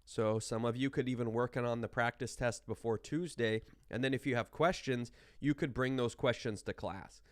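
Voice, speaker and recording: A man's voice: medium pitch, moderate pace, few pauses, no echo, clean studio sound. A man teaching a math class in an informal, explaining way, holding back a cough while chewing gum. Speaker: math instructor. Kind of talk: class lecture.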